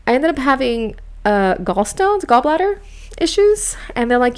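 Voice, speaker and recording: Woman podcast host from Miami, higher pitch, animated and self-mocking casual storyteller. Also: moderate pace, smooth. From United States, grew up in Miami.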